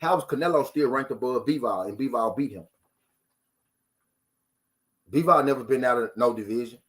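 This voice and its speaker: A man's voice: medium pitch, normal speed, fairly bright tone. A man hosting a boxing talk stream, ranting casually to his viewers with profanity, rhetorical questions and lines repeated for emphasis.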